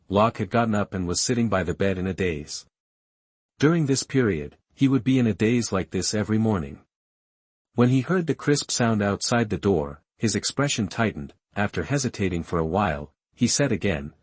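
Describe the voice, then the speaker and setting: A man narrating a translated web novel as an audiobook, reading at a steady, even pace. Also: on the low side, moderate pace, slightly rough, no room sound.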